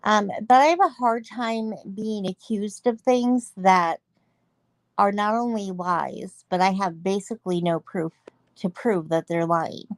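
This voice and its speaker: Co-host, woman, mid-pitched voice, earnest and emotional, dry close recording. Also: a little slow, dry recording. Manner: earnest, emotional, laughs between points. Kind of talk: casual chat about online drama.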